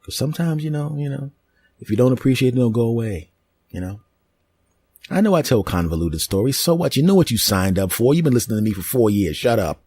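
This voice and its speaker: Male podcast host, deep and dark-toned, rambling crude comic storyteller. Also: breathy edge. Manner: crude, rambling, mock-dramatic. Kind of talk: comedic storytelling monologue.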